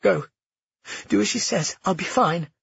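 Male narrator voicing a scared, stubborn young princess, strained and urgent, husky, on a dull, dry recording. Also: high voice, unhurried, fairly bright tone, no room sound, voice pushed up, heavily acted. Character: frightened but stubborn young woman princess.

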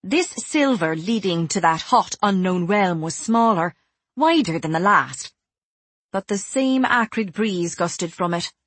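A woman reads a first-person audiobook in a cool, measured delivery that turns quietly menacing in dialogue. Her voice sits a little low and has a husky grain. The recording is dry and close. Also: no echo. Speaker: audiobook narrator.

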